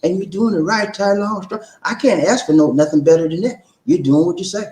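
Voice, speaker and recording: Man, show host, playful rhyming chatter, fairly high voice, roomy echo. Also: brisk, darkish tone. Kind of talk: casual live-stream chat.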